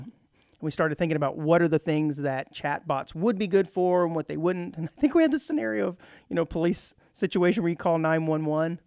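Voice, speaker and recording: A man's voice: a little high, a little fast, a little mellow, clean tone, no echo, clean studio sound. A man co-hosting a community radio talk show, chatting casually, laughing often and acting out the voices he quotes. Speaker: co-host.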